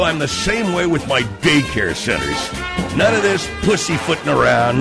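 A man doing a crude hard-selling ad pitchman. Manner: blunt, rambling, hard-selling. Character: crude pushy male small-business owner in a local ad. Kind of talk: spoof local TV ad. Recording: music playing clearly behind.

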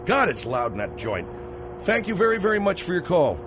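Male talk-radio host; animated, exasperated, faint noise behind. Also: sits high, brisk. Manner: incredulous, exasperated questioning. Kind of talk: comedic radio talk show.

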